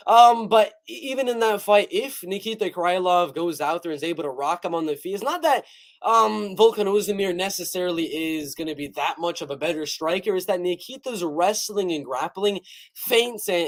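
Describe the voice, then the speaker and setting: High-voiced young man hosting a livestream. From North Carolina. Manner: reads chat comments aloud, joking. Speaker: MMA prediction livestream host. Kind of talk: casual livestream chat.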